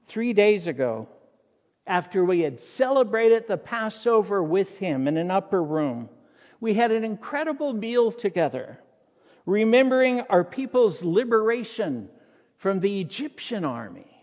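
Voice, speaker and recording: Pastor voicing earnest grieving disciple Cleopas. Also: male voice, high voice, big pitch swings, unhurried, a little mellow, long reverb tail, lo-fi sound.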